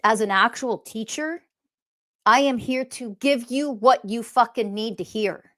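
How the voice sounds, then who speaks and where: A woman's voice: fairly high pitch, a little slow, fairly bright tone. A woman speaking as a spiritual teacher in a blunt, scolding monologue, swearing often. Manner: mocks others in quoted voices.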